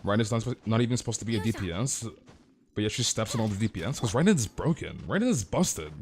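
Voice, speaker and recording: A man streaming a game, ranting casually in an excitable voice, stammering, repeating words and swearing often. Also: fairly low pitch, fast, background noise. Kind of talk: casual live-stream rant.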